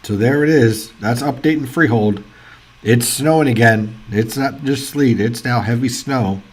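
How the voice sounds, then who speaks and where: A man hosting live weather coverage, chatty and excitable, thinking out loud as reports come in. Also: medium pitch, a little slow, husky. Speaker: weather livestream host. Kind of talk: casual live weather commentary.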